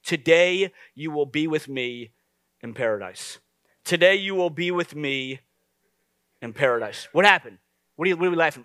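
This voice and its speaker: A man preaching a sermon as pastor, lively and conversational, with asides to the congregation. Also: a little high, moderate pace, smooth, no room sound.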